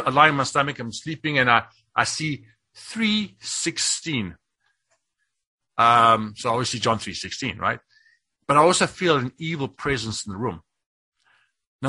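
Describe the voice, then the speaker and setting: A man giving a testimony as a guest speaker at a Bible study, telling a story with frequent restarts and rising to shouts at its peaks. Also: medium pitch, husky. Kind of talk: testimony sermon.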